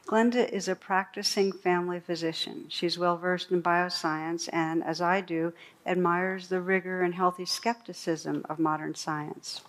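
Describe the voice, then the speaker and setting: A woman meditation teacher giving a dharma talk, reading a true story aloud in a slow, gentle storytelling voice with soft pauses. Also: lowish voice, little pitch movement. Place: meditation hall.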